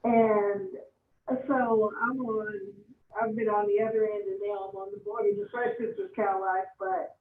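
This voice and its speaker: A woman giving an impassioned public comment, earnest and pleading, speaking deliberately slowly. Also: mid-range voice, level tone, slight background noise. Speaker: public commenter and advocacy board member. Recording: tinny, echoey phone line from a distance.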